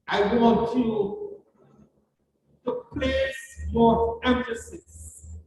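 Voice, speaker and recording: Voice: mid-range voice, huge pitch swings, extremely slow, darkish tone, faint music behind. A speaker with a Jamaican accent giving a ceremonial address at a commissioning service, telling stories earnestly and repeating words for emphasis. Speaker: guest speaker at a justice of the peace commissioning. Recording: distant voice in a very echoey hall.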